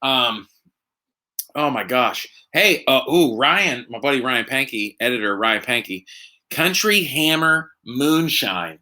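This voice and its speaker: A man hosting a casual live stream from home, rambling and excitable as he chats and drinks. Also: mid-range voice, a little slow. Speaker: host. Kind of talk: casual livestream chat.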